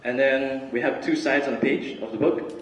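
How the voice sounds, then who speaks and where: A young man giving a relaxed, chatty student talk with lots of fillers and restarts. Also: medium pitch, normal speed. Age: young adult. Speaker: student speaker. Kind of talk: casual student talk and spoken word. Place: large hall. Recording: roomy hall recording from far off.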